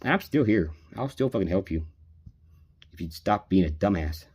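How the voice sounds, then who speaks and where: A man's voice: low-pitched, animated, moderate pace, a little mellow, slightly rough. An adult man venting in an angry personal rant, bitter and aggrieved, swearing often. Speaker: vlogger venting.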